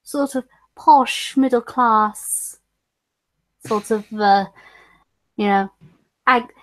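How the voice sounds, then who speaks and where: Giggly slow-talking northern English woman. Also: fairly high pitch, a bit bright. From northern England. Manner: giggly, laughs often between remarks. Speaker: streamer. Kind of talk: casual chat.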